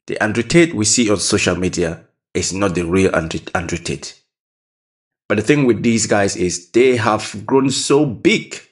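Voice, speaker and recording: A man hosting a reaction video, talking casually and repeating phrases for emphasis. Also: lowish voice. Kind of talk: casual commentary over a clip.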